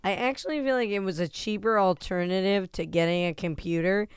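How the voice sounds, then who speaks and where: A woman's voice: mid-range voice, fairly quick, smooth, dry recording, clean studio sound. A woman in her thirties co-hosting a podcast, rambling in casual chat with lots of "like"s and laughing asides. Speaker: podcast co-host.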